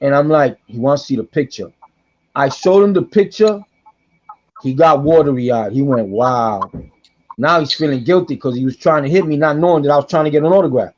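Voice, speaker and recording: A middle-aged man tells a story on a podcast, keeping it lively and playing every voice in it himself. His voice sits high for a man, and the recording sounds dull and lo-fi. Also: a little fast. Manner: animated, acts out quoted voices, repeats himself. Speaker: guest storyteller.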